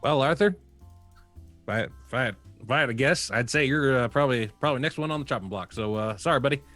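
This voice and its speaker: A man's voice: mid-range voice, fast, fairly bright tone, faint music behind. A man playing in a tabletop role-playing game, speaking in character with hesitant repeats and fillers. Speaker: player.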